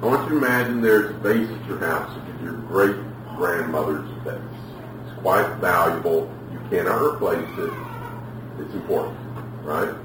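A man preaching a sermon, telling lively stories and acting out the people in them. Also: low-pitched, moderate pace, noisy background. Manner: animated storytelling, acts out quotes. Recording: echoey room, from far off.

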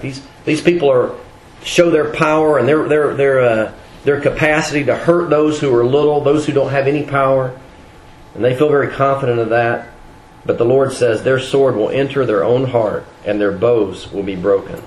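A man's voice: medium pitch, reverberant, slight background noise, poor audio. A man preaching a sermon in a conversational way, with frequent fillers and restarts.

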